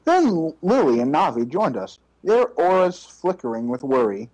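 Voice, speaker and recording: A man's voice: mid-range voice, expressive, normal speed, hardly any pauses, darkish tone, dry recording, poor audio. A man doing a comedic reading of fanfiction aloud, with sarcastic interjections. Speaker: fanfiction reader.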